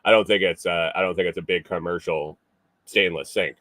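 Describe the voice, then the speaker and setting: Low-voiced man rambling through a story. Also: steady tone, a little fast, fairly bright tone, no echo. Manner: rambling, many fillers and restarts. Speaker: morning show host. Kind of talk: casual storytelling.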